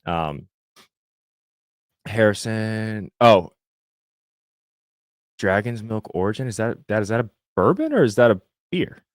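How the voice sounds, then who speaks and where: Rambling low-voiced man chatting football. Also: very animated, measured pace, pauses often, no echo, clean studio sound. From Indiana, US. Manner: rambling, many fillers and restarts. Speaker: podcast co-host. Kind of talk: casual sports chat with live chat.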